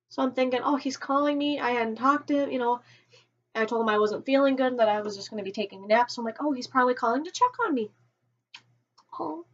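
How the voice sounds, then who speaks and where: A woman telling a personal story on a vlog, emotional and halting, often restarting her sentences. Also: fairly high pitch, fairly bright tone. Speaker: vlogger. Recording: dull lo-fi home recording.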